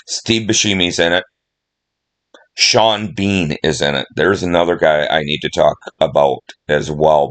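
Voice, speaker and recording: A middle-aged man rambling casually about movies he loves, emotional and full of fillers. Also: extremely low pitch. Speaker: movie vlogger.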